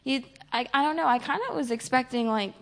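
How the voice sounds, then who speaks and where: A woman's voice: sits high, a little fast, a bit bright. A young woman giving a casual personal testimony, full of "like" fillers, recounting conversations with others. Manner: casual, many "like" fillers, quotes others in dialogue. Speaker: recovery program resident.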